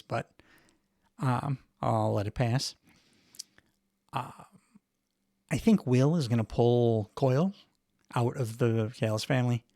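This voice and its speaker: Male podcast host, middle-aged, mid-pitched, wry and chuckling, dry close sound. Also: gravelly, no room sound. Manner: rambling, wry, chuckles often, many fillers. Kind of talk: casual solo wrestling recap.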